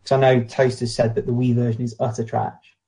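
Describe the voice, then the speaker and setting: A man's voice: medium pitch, little pitch movement, a little fast, creaky, warm tone. Blunt British man chatting casually. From Britain. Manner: blunt, opinionated, anecdotal storyteller. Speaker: podcast co-host. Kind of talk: casual podcast chat.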